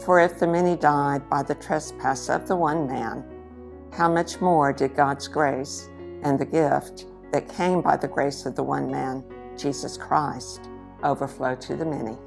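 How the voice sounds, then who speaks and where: A woman chaplain resident reading a scripture passage aloud in a steady, formal way. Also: low voice, measured pace, vocal fry, over music.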